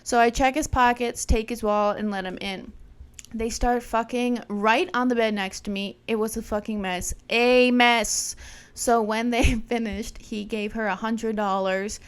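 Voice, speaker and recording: A woman's voice: a little high, steady tone, a little slow, smooth. A young adult woman, a podcast host, telling a wild story in a brash, profane, punchy way. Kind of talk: casual storytelling, retelling a wild night.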